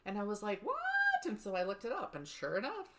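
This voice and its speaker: A woman's voice: medium pitch, wildly swooping pitch, fast talker. A woman co-hosting a true-crime podcast who chats casually, laughs often and swears. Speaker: podcast co-host.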